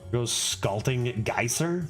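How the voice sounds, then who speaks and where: A man livestreaming a card game, giving excitable, casual commentary and laughing often. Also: mid-range voice, slow, faint music behind.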